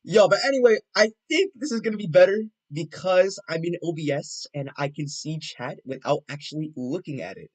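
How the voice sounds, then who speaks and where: A young man livestreaming, chatting casually and rambling, swearing a lot, with loud excited outbursts. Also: a little high, a little fast, few pauses.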